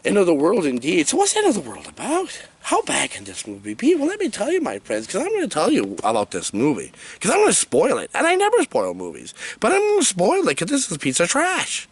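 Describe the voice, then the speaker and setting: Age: adult. Sex: man. Role: movie reviewer. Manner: jokey, animated. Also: sits high, fast, hardly any pauses, slightly rough. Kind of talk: comedic movie review rant.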